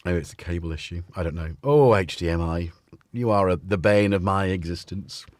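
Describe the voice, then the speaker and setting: A man's voice: low-pitched, fairly quick, no room sound, clean studio sound. A man hosting a livestream, chatting casually and rambling with frequent laughs. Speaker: livestream host.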